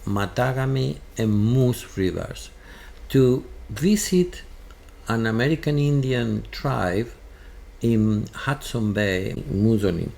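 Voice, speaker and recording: A man with a Spanish accent, a guest telling a halting, animated story in an interview. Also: lowish voice, creaky. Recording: faint background noise.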